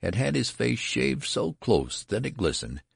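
A man narrating a story aloud in a lively storytelling delivery. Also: mid-range voice, measured pace, gravelly, slightly rough, no room sound, clean studio sound. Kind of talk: audiobook reading.

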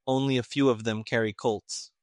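A man reading a story, voicing an irritated male army colonel who talks gruffly and sarcastically, raised above his narration. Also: mid-range voice, fairly even intonation, normal speed, no room sound, studio quality, natural voice.

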